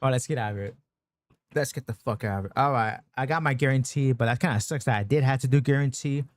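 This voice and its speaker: A man streaming a game, chatting casually with his viewers, swearing constantly and getting excited over his pulls. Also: medium pitch, fast, no echo. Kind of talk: casual gaming stream chat.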